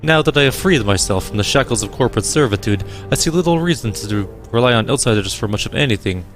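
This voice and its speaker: A man's voice: medium pitch, animated, soft background music, natural voice. A man voicing a cultured drone engineer. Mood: measured. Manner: courteous, measured and formal. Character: cultured Russian male drone engineer, polite.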